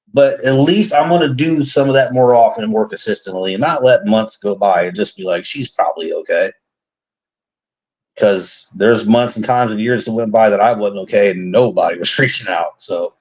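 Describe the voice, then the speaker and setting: A man's voice: mid-range voice, a little mellow, poor audio. A man hosting a live faith testimony stream, talking in an earnest, rambling way with frequent restarts and light jokes. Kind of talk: casual heartfelt live chat. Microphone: online live stream.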